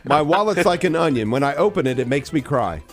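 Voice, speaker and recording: A man's voice: a little high, animated, fairly quick. A man co-hosting a radio show, trading jokes in playful banter and chuckling often. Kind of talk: joke-telling radio banter. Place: radio studio.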